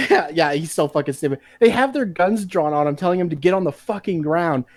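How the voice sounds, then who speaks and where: A man's voice: fairly high pitch, fairly quick. A man hosting a casual podcast chat, profane and laughing, acting out quotes in raised voices. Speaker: podcast host.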